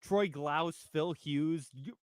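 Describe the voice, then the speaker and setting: A man's voice: fairly high pitch, slow pace, smooth, no echo, clean studio sound. Joking male sports radio co-host. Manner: loose and joking, swears and laughs often. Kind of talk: casual sports chat.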